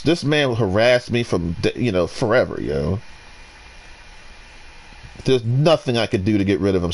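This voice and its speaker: A gamer rants while commentating his gameplay, restarting his sentences and swinging between loud outbursts and low muttering.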